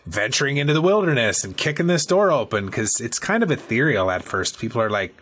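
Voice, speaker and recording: Male podcast host, husky tone, casual and chatty storyteller. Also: medium pitch, a little fast. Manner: animated storyteller, peppers talk with "right?" and "man".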